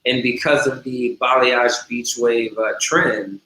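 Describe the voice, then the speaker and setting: A man's voice: mid-range voice, fairly even intonation, slow pace, sharp tone. A man who runs a salon, talking business in an enthusiastic, conversational way on a remote call. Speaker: salon owner and co-host. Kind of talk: casual business talk. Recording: echoey room with faint hum.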